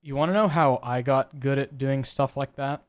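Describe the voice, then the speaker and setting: A young college student co-hosting a casual podcast, talking in an animated way, swearing casually and slipping into mocking voices. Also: male voice, medium pitch, normal speed. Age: young adult. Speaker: podcast co-host. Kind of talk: casual chat.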